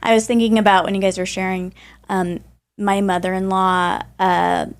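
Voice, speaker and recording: A woman's voice: mid-range voice, little pitch movement, moderate pace. A woman who is a podcast guest, speaking thoughtfully in a casual, reflective conversation. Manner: thoughtful, bursts into laughing retellings.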